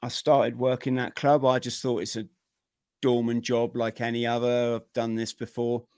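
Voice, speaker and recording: A middle-aged man, a podcast guest, telling his own story in a vivid, energetic way with plenty of slang. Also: medium pitch, moderate pace, smooth, no echo, clean studio sound. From Britain. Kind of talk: personal storytelling in an interview.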